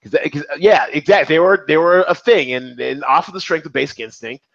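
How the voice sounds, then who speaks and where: A man in his forties co-hosting a podcast, chatting about movies in an animated, rambling, profane way over a remote call. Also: fairly high pitch, a little fast, vocal fry, no room sound, dull audio. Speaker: podcast co-host. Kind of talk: casual movie chat.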